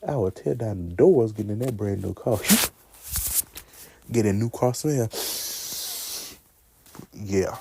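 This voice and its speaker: Gravelly low-voiced young man. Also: slow, pauses often, slight background noise. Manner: animated, talks back to characters, laughs often. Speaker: vlogger ranking favorite movies. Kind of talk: casual chat.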